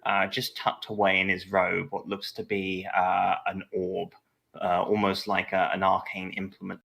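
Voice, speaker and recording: A man running a tabletop game, narrating in a low, bright voice. He hedges often and fills his sentences with pauses and fillers. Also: completely flat delivery, creaky. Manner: hesitant, many fillers and "sort of". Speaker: game master.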